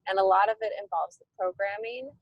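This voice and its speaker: A middle-aged woman, a nonprofit founder, telling stories in a lively conversational way and acting out the dialogue. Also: medium pitch, fast, dry recording, highs cut off. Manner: animated, acts out quoted dialogue. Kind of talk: conversational storytelling.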